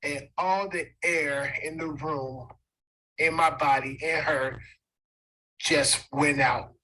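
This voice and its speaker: Bright-voiced man giving emotional testimony. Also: on the high side, fairly even intonation, slow, slight background noise, rough recording. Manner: emotional, repeats for emphasis. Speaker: guest speaker. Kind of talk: personal testimony.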